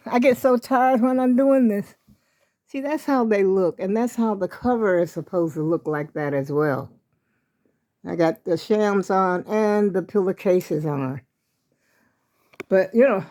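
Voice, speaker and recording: A woman's voice: medium pitch, dark tone. An older woman vlogging casually from her home, chatty and folksy, a little out of breath as she calls her viewers y'all.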